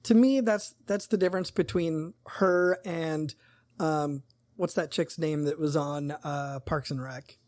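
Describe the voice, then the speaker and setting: Mid-pitched co-host, enthusiastic, asks questions, dry close recording. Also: fairly even intonation, a little mellow, no room sound. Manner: enthusiastic, quick to agree and laugh. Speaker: podcast co-host. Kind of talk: casual chat.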